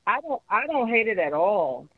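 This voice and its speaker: A woman's voice: mid-range voice, sing-song, normal speed, no echo. A woman calling in to a talk show, insistently pressing her question. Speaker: caller. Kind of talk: call-in debate. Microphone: telephone. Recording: tinny phone line.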